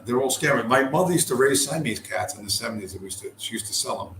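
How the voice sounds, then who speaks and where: Talking fast with hardly any pauses, a middle-aged man from the US hosts a podcast and tells a long, rambling, profane story casually. His medium-pitched voice is a bit bright, and fillers and restarts run throughout. Faint background noise sits in a roomy recording.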